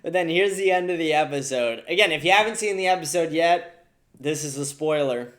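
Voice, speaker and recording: A man's voice: a little high, brisk, a bit bright. A man hosting a podcast, ranting profanely and indignantly about the news. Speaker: podcast host. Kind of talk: casual political commentary.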